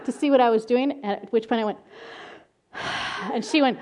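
A middle-aged woman giving a talk on calming angry children, telling lively stories from her own family and work, often laughing and acting out the children's voices. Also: high voice, moderate pace. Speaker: child behavior specialist giving a parenting talk. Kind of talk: presentation with slides.

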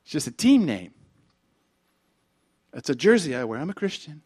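A man preaching a sermon in an animated way, acting out bits of dialogue and swinging between loud and hushed delivery. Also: on the high side, normal speed, slightly rough. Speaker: pastor.

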